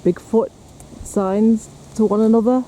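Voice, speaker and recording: A man's voice: high voice, fairly even intonation, measured pace, mellow. A man, chatting casually to camera as he explores woods for a paranormal vlog. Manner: chatty, teasing, talks to camera. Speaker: paranormal investigator vlogger. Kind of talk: casual outdoor vlog narration. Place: outdoors on a windy hill and in woods. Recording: faint wind and outdoor noise.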